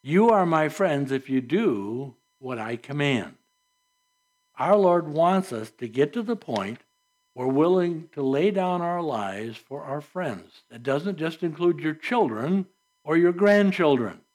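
A man preaching a sermon as pastor, reading scripture and adding earnest, conversational asides with soft laughs. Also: a little high, lively intonation, slow pace.

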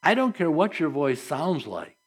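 A man's voice: on the high side, very animated, unhurried, breathy edge. A man preaching a sermon at a church service, earnest and conversational, asking the congregation rhetorical questions. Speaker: pastor.

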